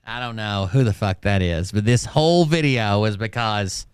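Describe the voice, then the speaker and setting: A man's voice: fairly low pitch, moderate pace, clear, resonant tone, no room sound. A man mocking a played clip with crude, sarcastic, profane ridicule. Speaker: reaction commentator.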